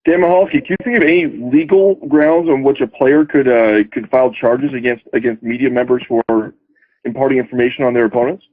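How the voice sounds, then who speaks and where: A man's voice: medium pitch, steady tone, a little fast. Male talk-show host on a tinny line. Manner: quizzes guests with pointed questions. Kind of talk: poker radio talk show.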